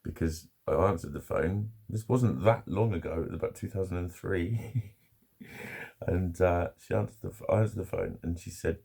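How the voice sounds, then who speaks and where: Brief: middle-aged bloke vlogging, deep husky voice, sweary and chuckling through his stories. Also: moderate pace, dark tone. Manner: swearing, laughing storyteller. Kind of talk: casual chat to camera. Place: at home with his dog.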